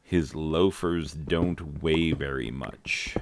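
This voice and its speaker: Very deep, gravelly, slow-talking American man. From United States. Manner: rambling, joking asides, frequent fillers. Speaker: gaming channel host. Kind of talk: rambling commentary while playing a video game.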